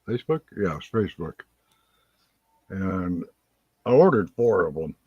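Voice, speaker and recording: A man's voice: deep voice, lively intonation, unhurried, husky, dry recording. A man hosting a live call-in chat show, telling folksy stories in a casual way and laughing as he goes. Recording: dull lo-fi sound.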